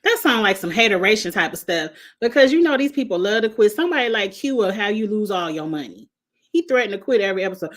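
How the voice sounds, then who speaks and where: A woman's voice: mid-range voice, expressive, quick pace, a bit bright. A woman, hosting a casual reality TV review, blunt and sassy, with frequent laughs and cursing. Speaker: host of a reality TV review show. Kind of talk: casual chat reading viewer comments.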